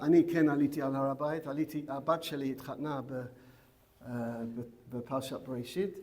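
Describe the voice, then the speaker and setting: A middle-aged man, a rabbi teaching a women's seminary class, who tells a story, asks the class rhetorical questions and grows loud and excited, switching between Hebrew and English. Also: medium pitch. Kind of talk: lively Torah lecture with storytelling.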